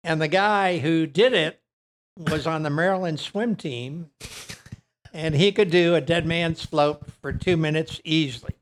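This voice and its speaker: Older man telling long rambling stories. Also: fairly high pitch. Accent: Virginian. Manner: rambling anecdotes with many pauses and fillers. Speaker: guest trial lawyer. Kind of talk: storytelling on a podcast.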